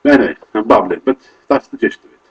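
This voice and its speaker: Rambling Welsh man, husky. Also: lowish voice, quick pace, muffled recording. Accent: Welsh, Carmarthenshire. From Wales. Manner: rambling, self-correcting. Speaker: vlogger. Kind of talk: casual monologue to camera.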